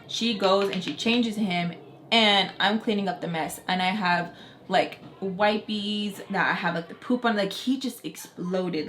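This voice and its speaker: A woman's voice: mid-range voice, a little hiss or hum. A young adult woman telling a casual storytime vlog, chatty, full of "like" fillers, acting out quotes. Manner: chatty, heavy "like" fillers, animated quoting. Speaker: storytelling vlogger.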